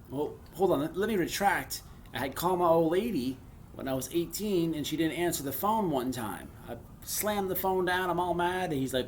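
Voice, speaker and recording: A man's voice: a little high, lively intonation, normal speed, slight background noise. A man hosting his own channel, talking in a loose, streetwise monologue full of stammered restarts. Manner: rambling, streetwise, keeps saying "man"; frequent restarts and stammered repeats. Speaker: channel host. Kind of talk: casual monologue.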